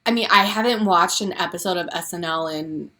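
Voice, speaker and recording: A woman's voice: lowish voice, a little fast, pushed and bright. A woman co-hosting a casual pop culture podcast, gushing and laughing often, with many "like"s. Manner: gushing, giggly, lots of "like". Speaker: podcast co-host.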